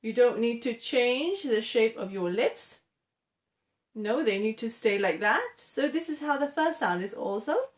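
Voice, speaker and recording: Slow, patient woman teaching pronunciation. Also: a little high, animated. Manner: patient, repeats words slowly, often says okay. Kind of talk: slow, clear pronunciation lesson to camera.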